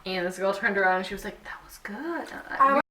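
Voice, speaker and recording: A young woman vlogger recounting a concert in casual chat, full of "like" and quick laughs. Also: medium pitch, expressive, noisy background. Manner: chatty, fillers of "like", giggly. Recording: echoey room, a bit far from mic.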